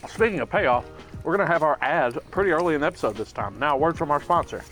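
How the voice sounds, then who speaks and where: A man's voice: a little high, lively intonation, fast, fairly bright tone, soft background music. A young man from Birmingham, Alabama, casually co-hosting a podcast and telling joking stories. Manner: joking, laid-back storytelling. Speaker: podcast co-host. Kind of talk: casual chat.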